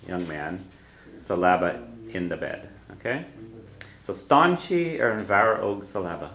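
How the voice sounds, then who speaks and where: A man's voice: on the low side, measured pace, a bit bright. A man teaching a classroom language lesson, patiently repeating phrases and quizzing his students. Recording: echoey room, faint background noise.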